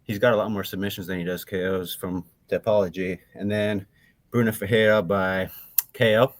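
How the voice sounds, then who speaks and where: A man's voice: on the low side, fairly even intonation, moderate pace, no echo. A man calling in to a show, talking brashly with plenty of swearing, a bit out of breath. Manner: brash, profane, a bit winded. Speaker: caller. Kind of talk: casual chat.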